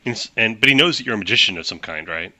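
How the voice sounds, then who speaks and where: Lively, bright-voiced male game master. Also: fairly low pitch, dry recording. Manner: animated, quick bursts with restarts. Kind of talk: narrating a tabletop game.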